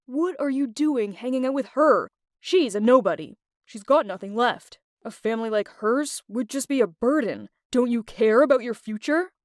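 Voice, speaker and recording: A contemptuous, commanding rich father in middle age, put on by a woman narrator of an animated storybook. He speaks in a dry, close recording, in a voice that stays fairly high. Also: moderate pace, no room sound, close to an everyday voice. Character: snobbish wealthy domineering middle-aged father.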